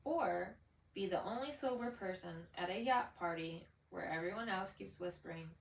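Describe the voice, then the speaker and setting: A woman's voice: fairly low pitch, normal speed, vocal fry. A woman co-hosting a podcast in casual chat, blunt and swearing constantly. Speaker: podcast co-host. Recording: roomy, distant mic, faint noise.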